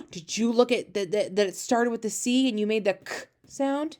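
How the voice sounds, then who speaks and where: A woman teaching a phonics lesson to young children, encouraging and animated, slowing down to read sentences aloud. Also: on the high side. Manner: encouraging, animated, slow when reading aloud.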